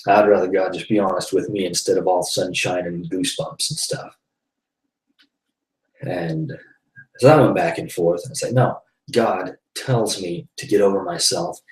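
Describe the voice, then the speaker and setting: A man's voice: low-pitched, darkish tone, distant mic. Rambling man, roomy and off-mic. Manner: rambling storytelling with frequent sighs and laughs. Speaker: host of a live web broadcast. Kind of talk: casual faith-based monologue.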